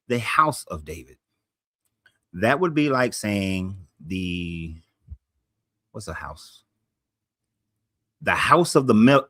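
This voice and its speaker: A man's voice: on the low side, a bit bright, no room sound. A man hosting a casual livestream, talking bluntly in a rambling way and often correcting himself. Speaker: livestream host.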